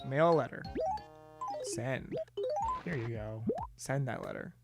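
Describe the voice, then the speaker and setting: A man's voice: medium pitch, unhurried, gravelly, loud music behind the voice. A man chatting casually and playfully while streaming a video game at home. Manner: playful, excitable, jokey.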